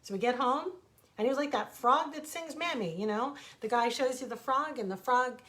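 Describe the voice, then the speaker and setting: Talking at normal speed in a high voice, a middle-aged woman who writes books shares a personal story from her house. Her delivery is lively and informal, wandering through side comments and self-corrections.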